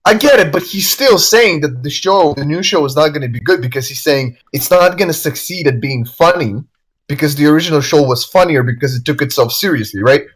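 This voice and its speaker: A man's voice: on the high side, brisk, husky, low-quality recording. A man chatting casually in a group reaction, profane and rambling, often laughing. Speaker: co-host reacting to a video.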